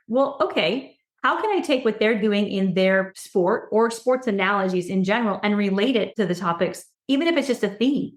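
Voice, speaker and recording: A woman speaking as a podcast guest, an education consultant talking earnestly and growing excited as she goes. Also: medium pitch, normal speed, few pauses. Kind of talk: casual podcast conversation. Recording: roomy echo.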